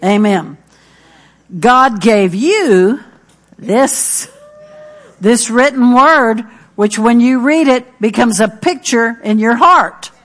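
Middle-aged woman preacher, earnest, emphatic, repeats key lines, voice sits a bit high. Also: takes it slowly, pauses often. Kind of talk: sermon.

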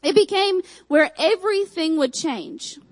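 A young woman from Michigan with a Texan accent, preaching a sermon with emphatic repeated phrases and quick asides. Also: very high voice, rough recording.

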